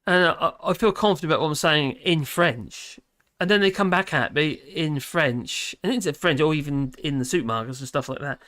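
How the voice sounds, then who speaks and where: Norfolk-accented male streamer with a somewhat high voice in a dry room, rambling and self-deprecating as he reads chat. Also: normal speed, bright, forceful tone, no room sound. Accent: Norfolk English. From England. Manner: rambling, hesitant, filler-heavy; chuckles easily, self-deprecating. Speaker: livestream host reading chat. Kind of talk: casual livestream chat. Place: home in rural France.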